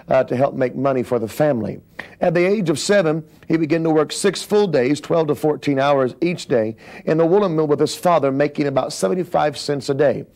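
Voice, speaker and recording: A man's voice: mid-range voice, darkish tone. A man giving a biographical teaching talk, explaining in a plain way and adding personal asides. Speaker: speaker recounting a minister's biography.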